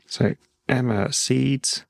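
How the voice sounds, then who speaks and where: A man's voice: medium pitch, steady tone, drawn-out words, creaky, no room sound, studio quality. A man playing in a comedy podcast game, rambling and poking fun at himself. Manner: rambling, self-mocking. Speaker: player.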